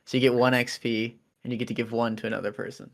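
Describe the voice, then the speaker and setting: A man with a medium-pitched voice and some vocal fry talks at a quick pace as game master of a tabletop role-playing game, explaining rules and narrating scenes. He sounds relaxed and uses many fillers.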